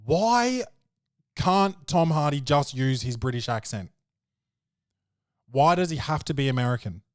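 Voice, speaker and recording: A man hosting a podcast, talking in a rambling, profane, animated way. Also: mid-range voice, moderate pace, no echo, studio quality. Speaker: podcast host. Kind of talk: casual chat.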